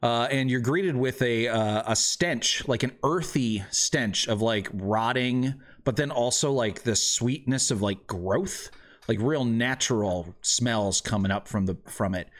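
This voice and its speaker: A man's voice: mid-range voice, measured pace. Rambling male game master. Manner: loose, rambling, lots of uh and like. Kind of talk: narrating a tabletop game.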